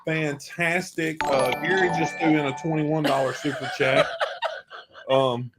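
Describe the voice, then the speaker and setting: A man's voice: a little high, steady tone, unhurried, over loud music. A man with a Southern US accent co-hosting a casual livestream, teasing and rambling as he chats. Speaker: co-host of a travel livestream.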